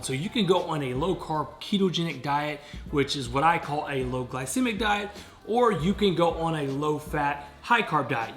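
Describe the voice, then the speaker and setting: A man's voice: on the high side, fairly bright tone. A man coaching fitness in a casual home vlog, upbeat and talking straight to the viewers. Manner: upbeat, coaching, keeps calling viewers guys. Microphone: camera set up nearby.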